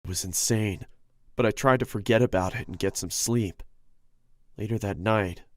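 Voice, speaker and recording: A man narrating a first-person horror story in a steady, scripted storytelling manner. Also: lowish voice, normal speed, no room sound, studio quality. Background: music.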